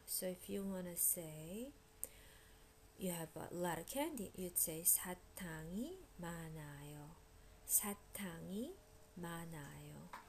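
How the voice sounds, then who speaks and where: Woman teaching vocabulary, gravelly low voice. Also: animated, a little mellow, a little hiss or hum. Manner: explanatory, repeats each word slowly for drilling. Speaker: Korean language teacher. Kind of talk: recorded vocabulary lesson.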